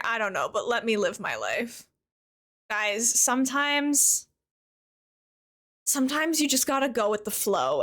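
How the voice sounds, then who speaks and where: A woman game streamer chatting casually with viewers while she plays, chatty and quick to giggle. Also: fairly high pitch, pushed and bright. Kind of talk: casual live-stream chat while playing.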